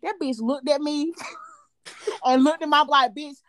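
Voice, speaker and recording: A woman co-hosting a podcast, telling stories in casual chat, animated, profane and quick to laugh. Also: sits high, no room sound. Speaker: podcast co-host.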